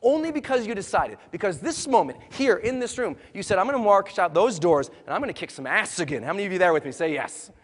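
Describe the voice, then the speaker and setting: A man's voice: high voice, sing-song, quick pace, few pauses. Rousing male motivational speaker in a hall. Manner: builds from hushed storytelling to loud rallying calls. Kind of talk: live motivational speech. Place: large hall with an audience. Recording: long hall reverb.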